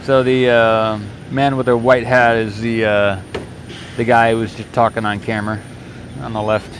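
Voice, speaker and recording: A man's voice: medium pitch, flat delivery, moderate pace, slight background noise. A man live streaming outdoors at a launch site gate, reading viewer comments aloud and answering them. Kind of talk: casual live-stream chat. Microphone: handheld mic.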